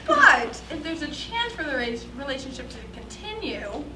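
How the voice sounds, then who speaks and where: A woman's voice: sits high, very animated, normal speed, very noisy. A woman acting a fussy, sweet-talking old lady in a staged reading of a play. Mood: earnest. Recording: echoey room, distant mic.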